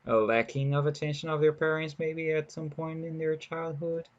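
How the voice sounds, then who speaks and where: A man chatting casually as a podcast co-host, wry and sarcastic, talking in halting stops and starts. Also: on the high side, little pitch movement, muffled recording. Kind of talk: casual chat.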